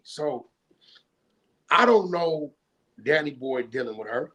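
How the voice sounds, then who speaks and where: High-voiced man telling a street story. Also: animated, takes it slowly, a bit bright. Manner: streetwise slang, keeps checking in with "right?"; retells a story by acting out both sides of a phone call. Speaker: guest. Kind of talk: casual storytelling interview.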